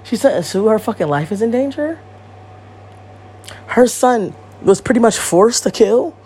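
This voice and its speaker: A woman's voice: on the high side, lively intonation, measured pace, warm tone, breathy edge. A woman in her thirties hosting a podcast, talking in a blunt, profane and rambling way, repeating herself. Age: 30s. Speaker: podcast host. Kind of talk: casual monologue.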